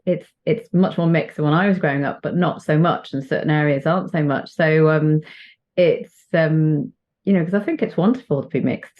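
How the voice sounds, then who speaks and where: A woman from the UK, a doctor chatting as an interview guest with lots of fillers and restarts. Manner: chatty, many fillers and restarts, lively pitch jumps. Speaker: guest, HIV and sexual health doctor. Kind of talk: casual interview chat. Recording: muffled lo-fi audio.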